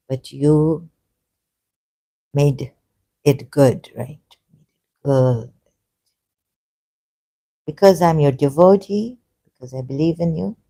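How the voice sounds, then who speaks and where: Meandering speaker with a mellow voice. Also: mid-range voice. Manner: meandering and halting, with many self-corrections; earnest, grows emotional and emphatic. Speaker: religious commentator. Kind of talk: unscripted personal monologue.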